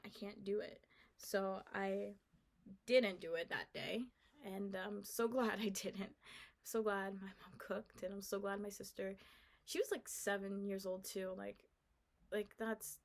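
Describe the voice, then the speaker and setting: A young woman telling a personal story in a soft, earnest, confiding way, halting and full of "like" and restarts. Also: medium pitch. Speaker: vlogger. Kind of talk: personal testimony, casual storytelling.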